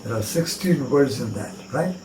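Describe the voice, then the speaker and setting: A man with an Indian English accent teaching a card trick step by step, spelling out words letter by letter and repeating phrases in a steady rhythm. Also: mid-range voice, moderate pace, a little hiss or hum. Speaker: magic teacher. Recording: echoey room with faint cricket chirps.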